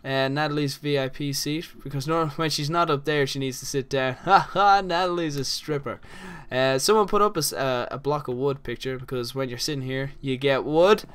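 Joking Irish man, bright voice. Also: mid-range voice, a little fast, hardly any pauses, smooth. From Ireland. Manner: jokey, rambling, crude asides. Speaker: gaming channel host. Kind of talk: casual game commentary.

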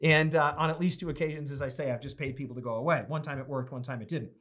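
He talks fast, keeping a fairly even intonation in a fairly high, slightly bright voice. The American man is leading an informal Bible study, reading passages aloud and adding chatty, anecdotal stories between them.

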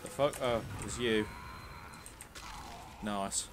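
A man's voice: lowish voice, takes it slowly, background noise. A young man giving casual, sweary, joking commentary while streaming a game.

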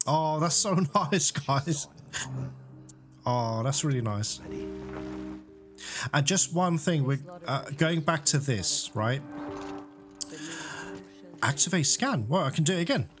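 A man's voice: on the high side, expressive, takes it slowly, long pauses, over music. Chatty man commenting on a game. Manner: chatty, emotional, keeps addressing viewers. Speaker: let's play host. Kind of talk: casual gameplay commentary.

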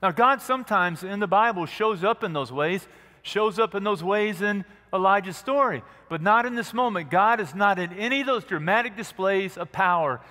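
A man preaching a sermon as pastor, earnest and gentle, dropping to a soft hush at quiet moments. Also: high voice, expressive, moderate pace. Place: church sanctuary. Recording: long church hall reverb.

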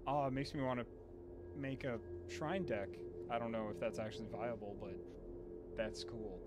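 A man's voice: medium pitch, steady tone, normal speed, over loud music. A man hosting a casual card game stream, gushing over the card art and swearing freely. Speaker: streamer host.

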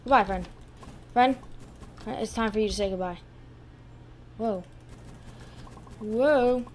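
A woman with a fairly high voice narrates her own gameplay as she plays at her computer. She swings between loud exclamations and quiet muttering to herself, with a faint hum of noise underneath. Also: slow. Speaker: channel host. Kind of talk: live gameplay commentary.

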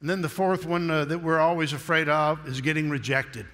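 A man's voice: a little high, fairly even intonation, fairly quick, a bit bright, big-room sound. A man preaching a sermon in a folksy, humorous storytelling manner.

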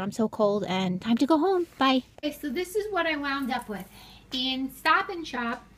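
A middle-aged woman chatting casually as she films her shopping trip, walking and talking through the stores, her car and her home. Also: high voice. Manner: chatty, walks and talks while shopping. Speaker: vlogger.

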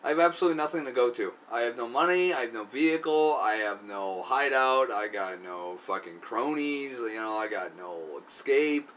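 A man's voice: medium pitch, lively intonation, moderate pace, few pauses, fairly bright tone. Profane rambling man telling a story. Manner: profane, rambling, with many fillers. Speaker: video creator. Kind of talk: casual storytelling. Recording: distant mic, faint background noise.

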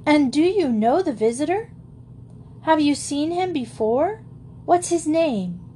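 A woman's voice: high-pitched, animated, slow pace, dark tone, a little hiss or hum, voice pushed up. A woman voicing a spoiled, merry little rich girl who chatters eagerly in an old storybook. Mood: curious.

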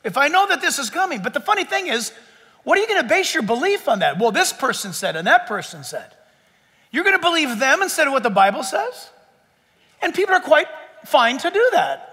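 High, bright-voiced preaching man in a hall. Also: fairly quick. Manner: animated, joking preacher with mock quotes. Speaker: pastor. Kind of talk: sermon.

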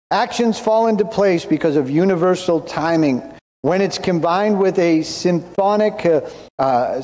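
A male pastor delivers a sermon at a slow, measured pace, his voice sitting fairly high but with a dark, mellow tone. He speaks deliberately and quotes scripture. The sound carries a long church-hall reverb. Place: church sanctuary.

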